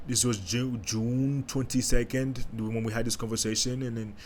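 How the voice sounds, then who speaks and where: A man talks through a raw personal confession on his podcast. He is halting and emotional, keeps restarting his sentences, and slips into casual slang. His pitch sits in a middling range, and faint noise hums in the background. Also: steady tone, darkish tone. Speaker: podcast host. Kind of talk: candid personal monologue.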